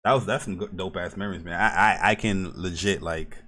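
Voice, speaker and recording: A man's voice: deep voice, steady tone, a little fast, sharp tone. A man co-hosting a podcast, reacting in laid-back slangy casual chat. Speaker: podcast co-host.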